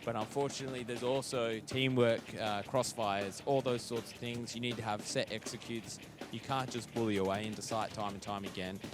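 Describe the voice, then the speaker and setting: A man breaking down a competitive esports map in an easygoing, conversational way. He talks with casual confidence at a middle pitch, while faint music plays behind. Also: fairly even intonation, a little fast, hardly any pauses. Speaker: esports co-commentator. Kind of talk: casual analysis commentary.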